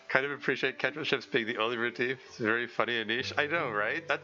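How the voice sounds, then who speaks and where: A man's voice: medium pitch, pushed and bright, lo-fi sound. A man streaming live, commenting on a game in a rambling, laugh-filled way with many restarts.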